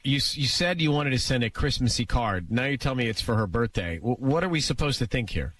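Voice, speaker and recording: A man's voice: mid-range voice, animated, fast talker, fairly bright tone. A male radio co-host with a mid-range voice, pressing and interrogating as he questions a caller. He sounds a little distant from the mic.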